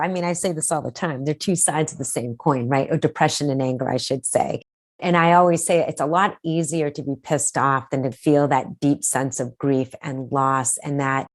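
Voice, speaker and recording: A woman hosting a podcast, speaking reflectively and empathetically while asking probing questions. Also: low-pitched. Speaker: podcast host. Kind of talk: conversational interview.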